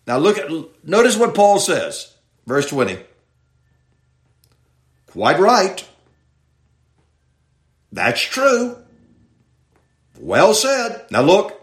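A man teaching a Bible passage verse by verse in sermon style, reading slowly and stressing key words. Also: high voice, very animated, a bit bright, reverberant. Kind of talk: expository sermon.

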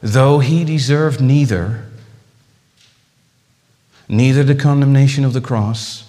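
A male preacher delivering an impassioned sermon, his voice swinging from ringing exclamations to hushed, slow phrases. He repeats words as he builds toward each point. His voice carries a long reverb, as in a church hall. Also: medium pitch.

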